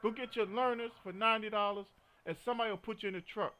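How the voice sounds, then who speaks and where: Game streamer, man, high voice, joking, storytelling banter. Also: fairly even intonation, quick pace, sharp tone. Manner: joking, storytelling, frequent laughter. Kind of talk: casual gaming commentary.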